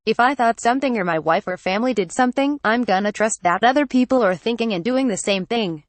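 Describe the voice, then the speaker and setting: A woman's voice reading out a news article, photo credits and quoted punctuation included, in a flat read-out manner. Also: a little high, no echo. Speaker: news reader. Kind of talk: text-to-speech article reading.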